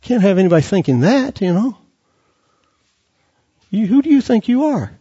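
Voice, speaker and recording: A preacher gives a fiery sermon in a high, husky, mellow voice whose pitch leaps around in a sing-song way at a moderate pace. He quotes scripture and pushes his listeners with rhetorical questions, all captured on a dull, lo-fi recording.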